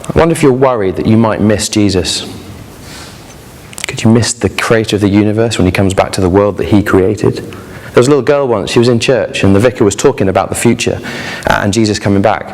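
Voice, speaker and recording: A man's voice: on the low side, a little fast. Storytelling young male preacher in a hall. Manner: lively storytelling, asks the audience questions. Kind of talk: sermon. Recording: echoey hall.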